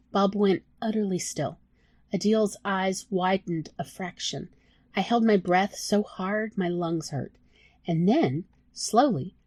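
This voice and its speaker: A woman narrating her own story in a soft, emotional audiobook style. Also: medium pitch, dry recording. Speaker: author reading own story.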